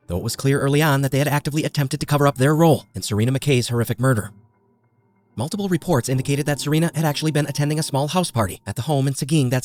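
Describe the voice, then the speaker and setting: A man's voice: medium pitch, a little mellow. A man reading scripted true crime narration as a podcast narrator, grave and detailed.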